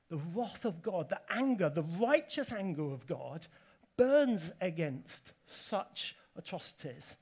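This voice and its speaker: A man from England delivers a sermon with a fairly high voice. He preaches emphatically, swinging between forceful declarations and casual, conversational asides to his listeners in a church hall.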